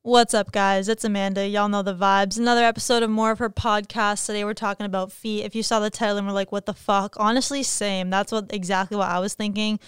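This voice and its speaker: A woman's voice: medium pitch, level tone, fast, few pauses, clear, resonant tone, no room sound, studio quality. A young adult woman hosting her own podcast in frank, profane, jokey casual chat. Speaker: podcast host.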